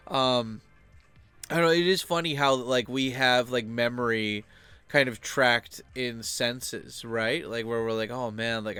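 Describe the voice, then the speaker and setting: A man's voice: medium pitch, a bit bright, smooth, no room sound. A young man talking casually on his own channel, rambling loosely with lots of filler words. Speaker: channel host.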